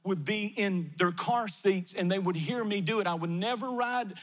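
A man's voice: sits high, normal speed, a bit bright, faint music behind. A middle-aged man, a pastor preaching a fervent, sing-song sermon in a near-empty church.

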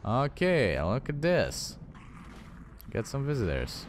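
A man's voice: fairly low pitch, lively intonation, a little slow. Profane young man trash-talking a game. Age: young adult. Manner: profane, trash-talks his own game units. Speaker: gaming channel host. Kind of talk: let's play commentary.

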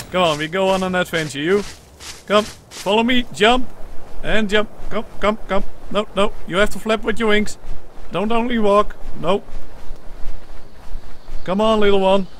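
A young man hosting a let's play, talking excitedly over his gameplay with strings of repeated words, bursts of laughter, and playful lines as the mother creature he controls. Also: high-pitched, unhurried, pauses often, a little hiss or hum. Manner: playfully role-plays as the mother creature in the game. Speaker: gaming channel host.

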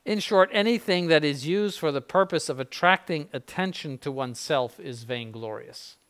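A man's voice: on the high side, animated, normal speed, a bit bright. An older man, a bishop, giving an informal spiritual conference in a blunt, conversational way with frequent asides.

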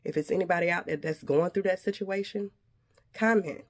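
A woman vlogger vents straight to her viewers, sharp and indignant. Her voice carries a gravelly, creaky edge. Retainers give her speech a slight lisp. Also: fairly low pitch, a little fast. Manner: indignant, addresses viewers directly. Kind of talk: venting to camera.

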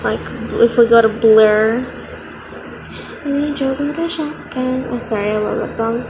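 A woman's voice: a little high, a little slow, music in the background. A young woman giving a rambling, giggly casual drawing tutorial, often laughing and interrupting herself. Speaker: vlogger. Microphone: phone.

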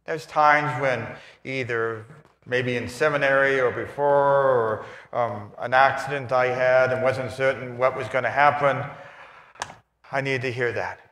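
A man giving a lively homily, acting out voices and asides, in a large church. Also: mid-range voice, measured pace. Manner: animated, acts out voices and asides. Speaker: priest. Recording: roomy church reverb.

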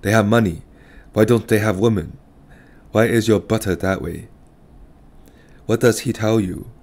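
A man's voice: fairly low pitch, measured pace, a little mellow. A man doing a scolding older mother. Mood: sad. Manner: scolding, insistent. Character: older widowed mother, stubborn and fretful.

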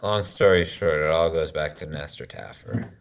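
A man with a very low voice talks casually on a podcast, joking and teasing his co-host as he reels off results. His delivery is loose and offhand, with names tumbling out one after another. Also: moderate pace, clean tone, highs cut off. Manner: loose, joking banter, rattles off wrestler names.

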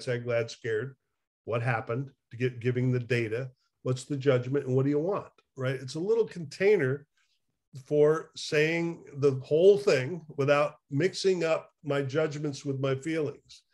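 A man speaking as a recovery therapist in an interview, animated and chuckling as he talks, with hesitant restarts. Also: medium pitch, moderate pace. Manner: animated, acts out quotes, chuckles often. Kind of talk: conversational interview.

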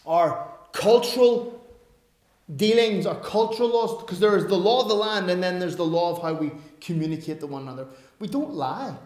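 Male pastor, slightly high voice, emphatic delivery with wry asides, recorded in a reverberant church. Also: moderate pace, darkish tone. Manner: emphatic, with self-aware asides. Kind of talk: sermon. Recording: roomy church echo.

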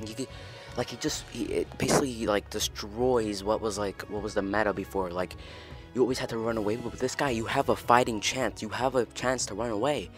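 A man hosting a casual game news update, talking excitably and rambling, often restarting his sentences. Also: lowish voice, brisk, soft background music. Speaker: gaming news host.

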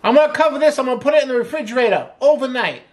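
A man's voice: extremely high pitch, animated, very fast, noisy background. A middle-aged man hosting a cooking show as a chef, chatty and upbeat, walking through a recipe step by step with frequent exclamations. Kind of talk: casual cooking demonstration.

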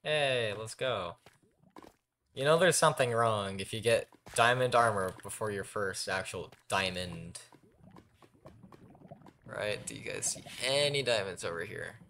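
A man's voice: fairly low pitch, measured pace, creaky, pauses often, bright, forceful tone, a little hiss or hum. A young man commentating his own game, talking to himself and his viewers and yelping when startled. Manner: jumpy, talks to himself and viewers, yelps when scared. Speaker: gaming YouTuber. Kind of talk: Minecraft let's play commentary.

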